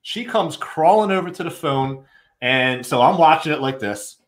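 A man's voice: a little high, lively intonation, normal speed. A man hosting a live video call, reading viewer questions aloud and chatting in a friendly, upbeat way. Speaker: watch channel host. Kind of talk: casual live-stream chat.

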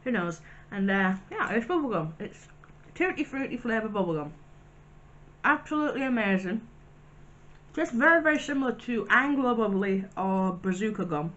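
A woman in a casual vlog, reviewing sweets and crisps in a chatty, wry way with little asides. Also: mid-range voice, fairly bright tone, dull audio. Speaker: vlogger.

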